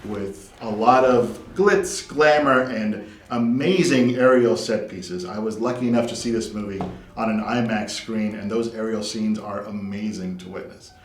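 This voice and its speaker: A man co-hosting a film podcast, reviewing movies in an articulate, measured way. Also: fairly low pitch. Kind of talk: film review and casual chat. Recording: echoey room with faint noise.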